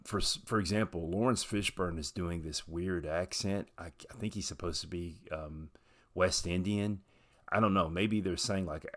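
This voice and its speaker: A man from Southern Appalachia talking frankly through his opinions, thinking aloud as he goes in a casual commentary. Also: low-pitched. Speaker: video host.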